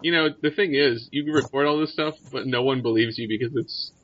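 A man running a tabletop game as game master, talking in a lively, amused way. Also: medium pitch, fairly quick. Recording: dull, dry lo-fi recording.

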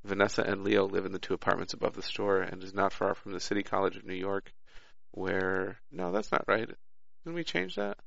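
A man reads out his character notes for a tabletop game, stumbling now and then. His voice is heavily gravelly with a bright, forceful edge. The recording is dry and sounds dull and lo-fi. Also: low voice, fairly quick, no room sound. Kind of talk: casual chat, reading character notes aloud.

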